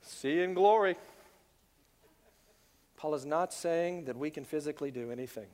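A male pastor preaching a sermon, swinging from loud emphasis down to hushed near-whispers. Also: fairly high pitch, normal speed. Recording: long reverb of a large hall.

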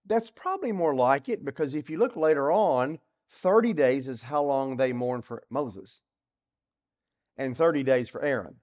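A man teaching through a Bible passage in a sermon, asking rhetorical questions and swinging between loud and soft. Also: medium pitch, normal speed. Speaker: preacher.

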